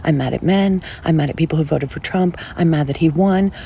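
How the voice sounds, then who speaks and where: A woman's voice: sits low, fairly quick, dark tone, slight background noise, rough recording. A woman telling a story in a casual rant, blunt, angry and profane.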